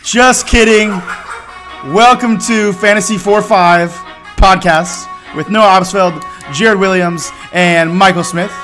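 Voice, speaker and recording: A man's voice: high voice, steady tone, unhurried, pushed and bright, soft background music. A man hosting a podcast, reading a jokey mock radio introduction in announcer style. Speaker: podcast host.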